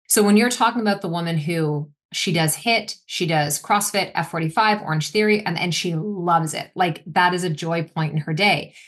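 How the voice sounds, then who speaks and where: A woman in her forties with a somewhat low voice talks as a guest on a casual podcast. She explains with energy and often slips into quick acted quotes of her clients. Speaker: nutritionist guest.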